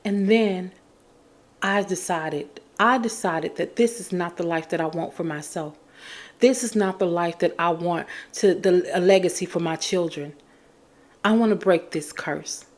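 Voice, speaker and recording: A woman's voice: fairly low pitch, measured pace. A woman hosting a podcast, talking in an emphatic, encouraging way and repeating her key phrases. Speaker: podcast host. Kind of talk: casual motivational talk.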